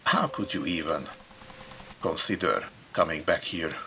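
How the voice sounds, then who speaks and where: Brief: man doing a cold, abusive mother, harsh and shouting, gravelly. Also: extremely low pitch, unhurried, a little hiss or hum, heavily acted.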